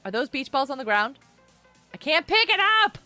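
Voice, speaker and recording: A high, bright woman's voice that leaps all over the place as she chats through a live gaming stream. She's a bubbly mom in her thirties who giggles a lot and talks straight to her viewers. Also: big pitch swings, normal speed, soft background music.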